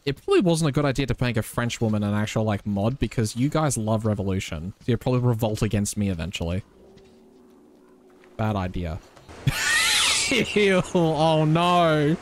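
Excitable streamer with a lively voice. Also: male voice, medium pitch, normal speed, slight background noise. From Australia. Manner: excitable, swears freely, teasing banter with chat. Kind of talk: live gameplay commentary.

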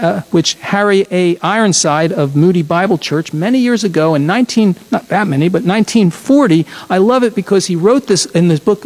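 A man's voice: high voice, darkish tone, poor audio. A man leading a congregation in a chatty, reflective sermon, often correcting himself mid-phrase. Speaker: congregation leader.

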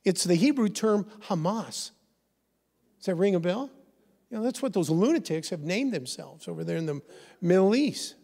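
A middle-aged man preaching a sermon as pastor, animated and leading call-and-response with his congregation. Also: high-pitched, normal speed, creaky. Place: church sanctuary. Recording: long church hall reverb.

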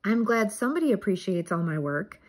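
A woman's voice: mid-range voice, fairly quick, husky. A woman reading a storybook aloud, voicing an anxious schoolboy who worries and boasts by turns. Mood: proud. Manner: worried, excitable, whiny.

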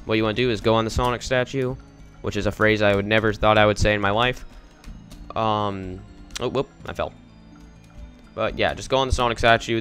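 A man's voice: lowish voice, a bit bright. A young man casually talking through a game walkthrough in a rambling, offhand way. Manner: rambling, casual, easily confused. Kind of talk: casual gameplay commentary.

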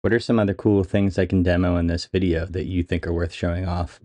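A man with a very deep voice chats casually while making a video. He hesitates often, with fillers and restarts as he directs and questions. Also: level tone, fast, warm tone. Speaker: video creator. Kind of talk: casual demo chat.

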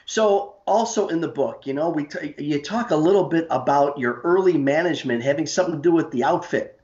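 A man's voice: fairly high pitch, brisk, darkish tone, lo-fi sound. A man hosting a casual interview, asking questions in a friendly, chatty way. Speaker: host.

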